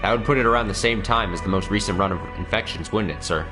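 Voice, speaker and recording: A man's voice: on the low side, fast, over music, lightly acted. A man reading aloud the lines of a nervous, deferential male vice director in a game. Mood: uneasy. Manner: plain read-aloud dialogue.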